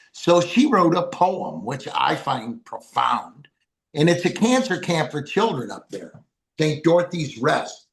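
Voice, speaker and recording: A man's voice: on the high side, creaky. An older man, a podcast guest, telling folksy, heartfelt stories and reciting poems. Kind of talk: storytelling interview.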